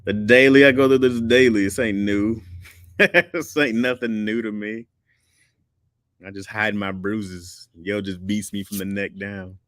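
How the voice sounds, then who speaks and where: A man's voice: on the low side, steady tone, measured pace, a bit bright, dry recording, clean studio sound. A man in his thirties chatting casually and jokingly, laughing often and acting out quotes. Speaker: streamer talking to chat. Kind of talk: casual chat.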